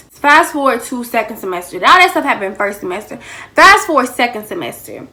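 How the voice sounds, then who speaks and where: A woman telling a casual storytime to her viewers, animated and slangy, talking straight to the camera while she eats. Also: fairly high pitch, fairly quick. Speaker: vlogger.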